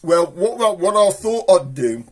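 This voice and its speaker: Comic host: Black Country man, husky, a touch high, cheeky rambling patter. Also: big pitch swings, a little slow. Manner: broad, cheeky, rambling banter. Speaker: puppet show host. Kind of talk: comic chat with a puppet.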